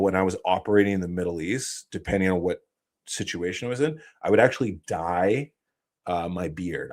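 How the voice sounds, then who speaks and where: Male live-stream host, deep low register, relaxed chatty explainer. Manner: casual, loose explanatory talk with fillers and restarts.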